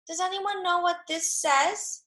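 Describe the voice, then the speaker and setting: A woman teaching a math lesson to young children, speaking slowly and clearly, asking questions and then answering them herself. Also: extremely high pitch, fairly even intonation, pushed and bright. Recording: echoey room.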